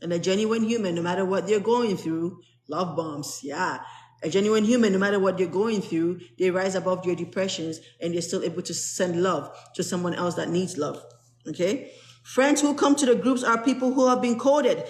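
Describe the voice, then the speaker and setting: A woman's voice: on the low side, normal speed, darkish tone. A woman who is a spiritual teacher, reading aloud from a spiritual text to an online group and explaining each passage in plain, earnest words. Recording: roomy echo.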